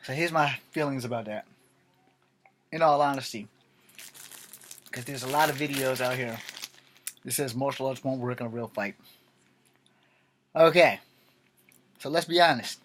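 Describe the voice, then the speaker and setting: A man's voice: medium pitch, moderate pace, long pauses, a bit bright. A tired middle-aged man ranting bluntly to camera late at night, rambling and swearing freely. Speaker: vlogger.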